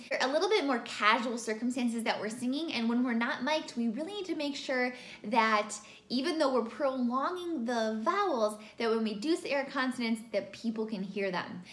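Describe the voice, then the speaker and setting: A woman teaching a singing lesson, explaining vowels clearly and demonstrating them by singing. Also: on the high side, normal speed, hardly any pauses, a bit bright. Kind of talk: vocal lesson with sung examples. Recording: roomy sound with faint music behind.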